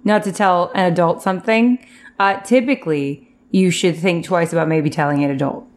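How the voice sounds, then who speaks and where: A woman co-hosting a casual podcast, reacting to the story with loud outraged exclamations. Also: fairly low pitch, normal speed. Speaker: podcast co-host. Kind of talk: casual book recap chat.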